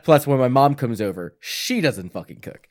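A man in his thirties chatting casually, relaxed and profane, leaning hard on his emphasis. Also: medium pitch, moderate pace, no room sound, studio quality. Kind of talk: casual chat.

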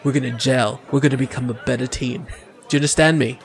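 A man voicing a boastful Aasimar hero in a tabletop game, loud and aggressively encouraging. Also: medium pitch, steady tone, fast, some chatter behind, close to an everyday voice. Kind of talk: tabletop role-play in character.

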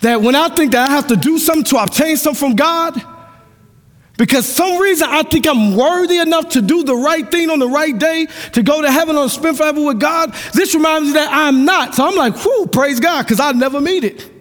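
A male pastor preaching a sermon with passion, dropping to a hush and rising to shouts, sometimes half-singing his lines. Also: very high voice, brisk. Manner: impassioned preaching, swings from hushed to shouting, half-sung lines. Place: church sanctuary. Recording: long hall reverb.

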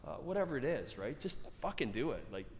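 A man's voice: mid-range voice, fast, slight background noise. Profane, rambling middle-aged man in echoey room. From Canada. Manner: rambling, profane, animated storytelling with many restarts. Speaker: gym owner and guest. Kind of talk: casual interview chat. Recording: echoey hall reverb.

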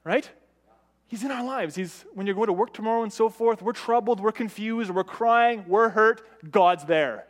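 High-voiced man preaching a sermon. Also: moderate pace. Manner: conversational, often asks "right?"; varies pitch and loudness for emphasis.

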